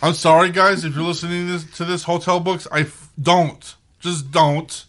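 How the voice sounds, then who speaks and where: A young man hosting a casual podcast, joking and swearing through animated rants. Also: fairly high pitch, moderate pace. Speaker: podcast host. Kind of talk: casual chat.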